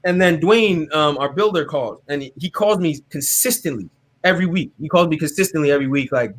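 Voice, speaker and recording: Man, interview guest, faith testimony, casual, animated, acts out other voices, slightly high pitch. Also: a little fast. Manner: animated, often tags "right?", acts out other people's words.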